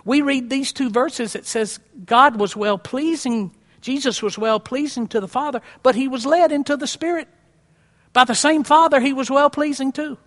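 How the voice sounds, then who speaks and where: A man's voice: extremely high pitch, moderate pace, fairly bright tone. A male pastor preaching a sermon, repeating lines and asking the congregation questions, with a folksy, dramatic emphasis. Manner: preaching with rhetorical questions and repetition.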